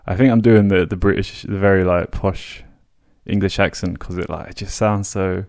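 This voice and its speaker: A man with a somewhat low voice reads long passages from a history book for his podcast. He mixes the quotes with relaxed asides and now and then trips over a word and restarts it. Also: normal speed. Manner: occasional stumbles and restarts on words. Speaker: podcast host. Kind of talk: reading and paraphrasing a history book aloud.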